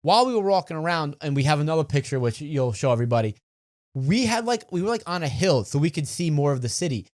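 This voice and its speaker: A man's voice: on the high side, sing-song, fast, a little mellow. A young man co-hosting a podcast, chatting in a playful, teasing way and laughing easily. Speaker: podcast co-host. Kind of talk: casual chat.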